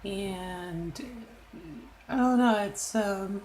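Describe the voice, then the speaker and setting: A woman's voice: a little high, a little slow, slight background noise, rough recording. Chatty middle-aged woman, video diary. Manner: chatty, candid, many fillers and asides. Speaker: vlogger.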